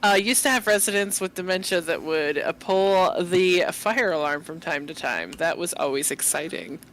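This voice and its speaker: A woman's voice: lowish voice, lively intonation, normal speed, a bit bright. A young woman streaming a game, chatting casually, joking bluntly and swearing freely. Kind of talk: casual chat while gaming.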